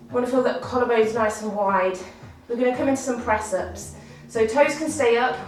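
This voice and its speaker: A woman's voice: a little high, a little mellow. Woman coaching a workout, roomy sound. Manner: encouraging, counting reps aloud. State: slightly out of breath. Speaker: fitness instructor. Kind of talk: guided workout instruction. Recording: roomy, from far off, faint music.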